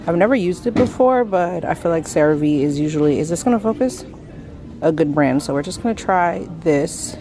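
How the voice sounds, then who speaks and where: A woman's voice: fairly low pitch, low-quality recording. A pregnant woman in her thirties, talking candidly to viewers in a slangy, chatty vlog, filmed on a handheld camera in her car and at home. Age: 30s. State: heavily pregnant. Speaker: vlogger.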